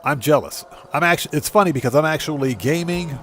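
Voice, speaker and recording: A man live-streaming a video game, chatting casually and excitably with his viewers from a home streaming setup. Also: a little high, fairly quick, slight background noise. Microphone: streaming setup microphone.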